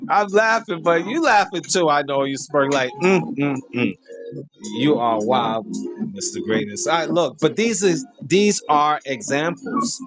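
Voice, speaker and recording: A man rants crudely for laughs, and his pitch leaps all over the place, from high outbursts down to a low, slow drawl. He talks in an unhurried way and chuckles at his own jokes. Clear music plays behind him. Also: a bit bright. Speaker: host. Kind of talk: comedic rant to camera.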